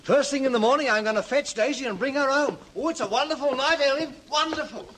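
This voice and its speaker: An actor playing a cheerful elderly husband with an excited, drawn-out delivery in an old-time radio drama. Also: male voice, very high-pitched, noisy background.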